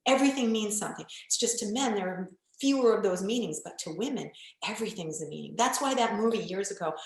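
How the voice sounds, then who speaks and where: A woman's voice: mid-range voice, expressive, fast. A woman coach speaking in a candid podcast conversation, blunt and emphatic, with occasional swearing. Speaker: relationship coach guest. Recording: very echoey room.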